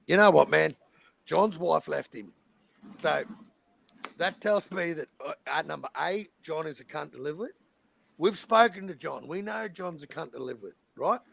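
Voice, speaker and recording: A man's voice: fairly high pitch, animated, normal speed, vocal fry, fairly bright tone. A man with an Australian accent hosting a casual, rowdy chat, swearing freely as he tells stories. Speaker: podcast host.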